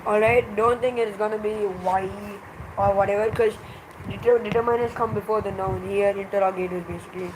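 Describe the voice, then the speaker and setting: Teacher going over grammar slow and even, kinda monotone, noisy room. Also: mid-range voice. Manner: slow, measured explaining with many pauses. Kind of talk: grammar revision lesson.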